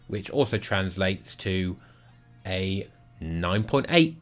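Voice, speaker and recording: A man's voice: low voice, lively intonation, slow, soft background music. A man casually reviewing football kits, blunt and sarcastic with lots of swearing. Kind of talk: casual rating vlog.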